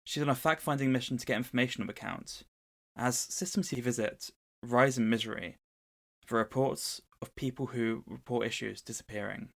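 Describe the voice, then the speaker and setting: A man's voice: mid-range voice, moderate pace, creaky. A man co-hosting a casual podcast, retelling a book's plot in an easygoing storytelling way. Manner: storytelling summary of a book plot. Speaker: podcast co-host.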